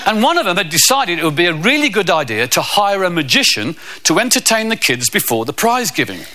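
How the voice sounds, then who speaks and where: A man doing stand-up, telling deadpan stories and acting out the people in them. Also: high voice, a little fast, a little hiss or hum. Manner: deadpan storytelling, acting out characters. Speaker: stand-up comedian. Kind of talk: stand-up comedy routine.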